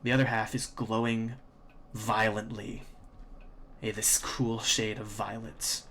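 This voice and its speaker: A man running a tabletop game as game master, narrating in slow, drawn-out descriptions. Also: on the low side, flat delivery, a bit bright, a little hiss or hum. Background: faint music.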